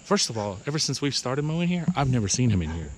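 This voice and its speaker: A man's voice: medium pitch, big pitch swings, fast talker. A man who runs a lawn care business, talking to viewers in a casual outdoor vlog, exasperated and repeating himself. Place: outdoors at a mowing job. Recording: outdoor noise with crickets.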